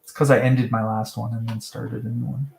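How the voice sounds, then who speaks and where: On a live stream, a man chats loosely in a creaky voice with little pitch movement, a bit fast, in a reverberant space. He jokes around, jumps between topics, and mimics voices in a high falsetto.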